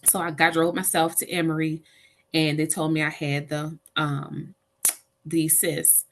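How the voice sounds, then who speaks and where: An unhurried middle-aged woman with a low voice and vocal fry appears as an interview guest. Animated, she tells a personal caregiving story and acts out the voices of the people in it.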